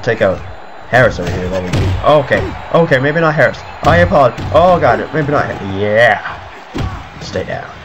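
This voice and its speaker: Excitable man narrating a game. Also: medium pitch, normal speed, crowd noise. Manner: excitable, panicky outbursts and cursing. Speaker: gaming video creator. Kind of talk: let's play commentary. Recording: slightly muffled audio with game music. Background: video game music.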